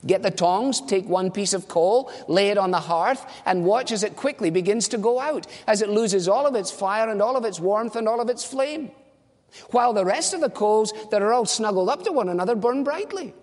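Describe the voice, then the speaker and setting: High-voiced man preaching in a reverberant hall. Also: expressive, normal speed, a little mellow. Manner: earnest preaching with rhetorical questions. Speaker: pastor. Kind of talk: sermon.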